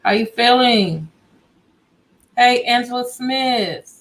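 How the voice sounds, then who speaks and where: A woman's voice: medium pitch, unhurried, poor audio. A woman hosting a casual livestream from home, chatty and greeting viewers by name as they join. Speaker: livestream host.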